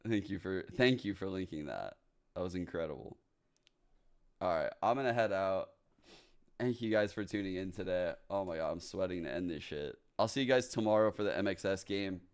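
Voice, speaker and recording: Laid-back male streamer, low and clean voice, casual sign-off with a few curses. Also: clear, resonant tone. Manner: laid-back, swears casually, signs off to viewers. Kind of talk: casual livestream commentary.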